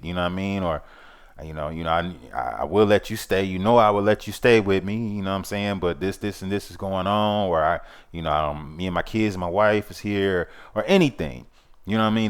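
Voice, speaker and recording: Hosting his own vlog, a man with a fairly low voice and moderate pace delivers a casual, rambling monologue that's earnest and a bit preachy, frequently saying "you know what I mean."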